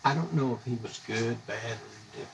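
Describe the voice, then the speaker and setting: A gravelly-voiced American man with a drawl rants into his live stream, blunt and indignant, wandering from point to point. He sits a little back from the microphone, with a faint hum of background behind him. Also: mid-range voice, fast, recorded from a distance, rough recording. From United States. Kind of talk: angry live-stream rant.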